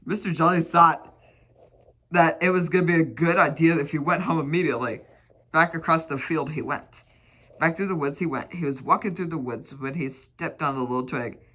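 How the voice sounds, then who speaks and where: A man's voice: a little high, moderate pace, bright, forceful tone, slight background noise. A man reading a children's storybook aloud as an amateur read-along, giggling and stumbling over words. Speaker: reader.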